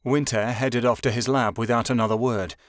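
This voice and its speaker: A man's voice: mid-range voice, fairly even intonation, fairly quick, dry recording. Male audiobook narrator, dry sound. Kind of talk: scripted narration.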